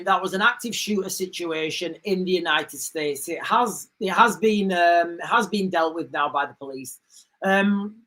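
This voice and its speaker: A woman's voice: mid-range voice, fairly bright tone, low-quality recording. A woman hosting a livestream, talking in an indignant, rambling way and often repeating herself. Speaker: livestream host. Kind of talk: casual livestream commentary.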